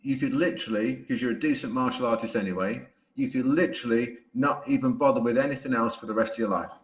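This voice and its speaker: A male podcast host chats casually and laughs as he tells his stories. His voice sits at an ordinary pitch, and the room gives it a noticeable echo. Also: quick pace. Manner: laughing, chatty storyteller. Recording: roomy echo.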